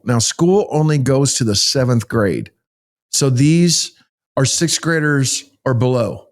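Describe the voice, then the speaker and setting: A pastor, a man from Texas, telling a story as a podcast guest in a folksy, animated way. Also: mid-range voice, slow. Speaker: pastor and ministry founder, guest.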